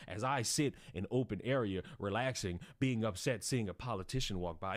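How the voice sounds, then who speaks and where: A man giving measured, wordy commentary that turns sarcastic when he mimics others. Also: mid-range voice, animated, dry recording, clean studio sound.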